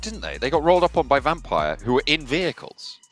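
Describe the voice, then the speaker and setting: A man co-casting a live esports match with lively banter. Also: medium pitch, quick pace, faint music behind. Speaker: esports caster.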